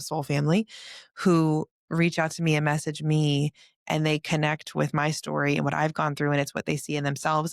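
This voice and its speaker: Female podcast host, chatty and gushing, mid pitch, dry close mic. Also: creaky, dry recording. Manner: warm gushing storyteller, many "like" fillers. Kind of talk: casual heartfelt chat. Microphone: studio microphone.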